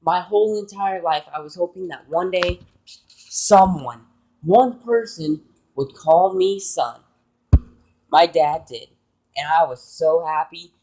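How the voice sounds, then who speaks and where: A man's voice: a little high, slow pace, darkish tone, a little hiss or hum, poor audio. A man vlogging, telling an emotional personal story in an earnest, rambling way.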